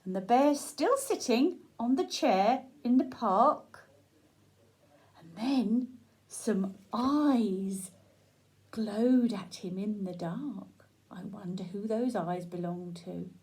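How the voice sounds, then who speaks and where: A woman reading a children's picture book aloud, gentle and sing-song, pausing to ask the young listener questions. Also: medium pitch. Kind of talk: children's read-aloud storytelling.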